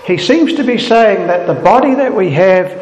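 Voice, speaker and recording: A man's voice: high voice, animated, moderate pace, a little mellow. A man preaching a sermon in an earnest, reflective way. He lifts his voice sharply whenever he quotes a cry of despair. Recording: echoey hall with long reverb.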